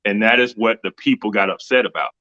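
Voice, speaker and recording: A man's voice: fairly low pitch, fast, sharp tone, highs cut off. A middle-aged man co-hosting a casual livestream discussion, retelling events in a rambling way with many restarts. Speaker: co-host. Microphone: video call.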